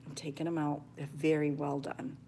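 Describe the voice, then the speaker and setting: A woman's voice: deep voice, little pitch movement, normal speed, dark tone, slight background noise. An older woman chatting homily to her viewers while she cooks in her kitchen, at times dropping to a near whisper. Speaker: homestead cooking vlogger. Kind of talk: casual live-stream cooking chat. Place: home kitchen.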